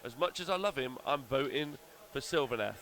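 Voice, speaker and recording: A man's voice: medium pitch, expressive, fairly quick, a bit bright. A man hosting casual live-stream commentary at a tournament venue, rambling and blunt with casual swearing.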